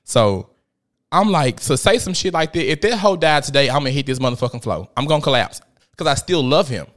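A man's voice: fairly high pitch, lively intonation, brisk, a bit bright. A man in his thirties hosting a podcast, telling a personal story in a candid, profane, emphatic way with dramatic swings in delivery. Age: 30s. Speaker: podcast host.

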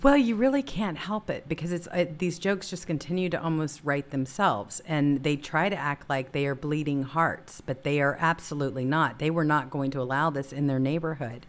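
A woman's voice: sits low, moderate pace, few pauses. A woman hosting a political talk show, reading quotes aloud and commenting dryly and sarcastically. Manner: dry, sarcastic.

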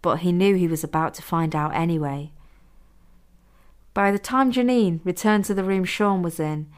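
Woman narrating her story, lowish voice. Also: normal speed, clean tone. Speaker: author reading her own story. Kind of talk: audiobook narration.

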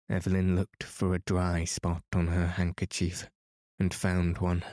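Soothing male bedtime narrator, mellow and dry. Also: sits low, unhurried, no room sound. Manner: calm, soothing reading. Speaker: podcast narrator.

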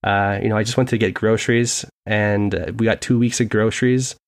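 A man's voice: lowish voice, a little fast. Rambling young man, joking podcast co-host. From Seattle area. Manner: rambling, joking, animated storytelling. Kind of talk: casual podcast chat.

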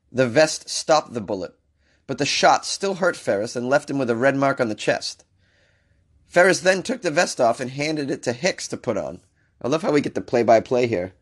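A man hosting a podcast with a hoarse, sick voice, riffing sarcastically and with exasperation on weird news stories. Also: mid-range voice, expressive, normal speed. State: hoarse from illness. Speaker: podcast host. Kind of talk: comedic weird-news commentary.

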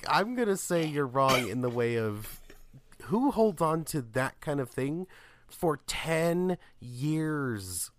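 A man's voice: a little high, big pitch swings, slow. A man in casual chat who talks in a laid-back, joking way and laughs easily.

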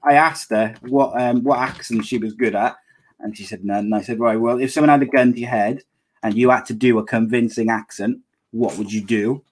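A man's voice: mid-range voice, steady tone, brisk. A man with a Welsh accent hosting a podcast, rambling and joking playfully. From Wales. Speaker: podcast host.

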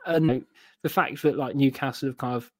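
A man's voice: medium pitch, fairly even intonation, normal speed, darkish tone. A man speaking as a football fan guest in a casual podcast chat. He hedges and restarts his sentences as he talks. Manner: rambling, hedging with restarts.

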